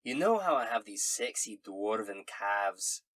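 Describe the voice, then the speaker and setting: A man voicing a vain, boastful male dwarf in a put-on Scottish accent, reading a letter in a hammy, jokey way with a husky voice. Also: on the low side, sing-song, measured pace, fairly bright tone, dry recording, full character voice.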